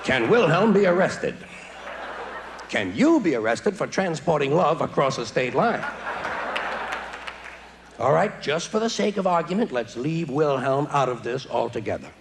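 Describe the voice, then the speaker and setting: A man in his forties performing stand-up comedy in a large theater, with a wry, sardonic delivery and quick mock voices. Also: fairly high pitch, expressive, gravelly, crowd noise. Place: large theater stage before a live audience. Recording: live theater recording with audience noise.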